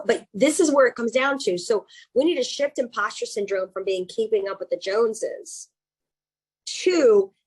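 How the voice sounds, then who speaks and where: Husky Southern-accented woman coaching. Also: a little high, poor audio. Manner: chatty and animated, with self-mocking asides. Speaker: executive coach. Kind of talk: webinar presentation. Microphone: video call.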